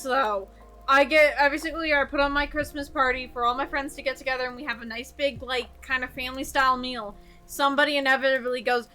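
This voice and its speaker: A woman's voice: high-pitched, fairly bright tone. A woman from Georgia in the US, streaming while doing nail art and chatting casually, rambling and giggling, with the odd swear.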